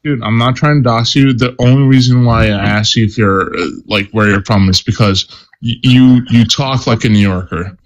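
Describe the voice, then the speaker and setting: A man arguing on a live stream panel, halting and defensive, often restarting his sentences. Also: medium pitch, steady tone, poor audio. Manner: halting, repeats "dude" and restarts under pressure. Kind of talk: heated political debate. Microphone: phone on a live stream.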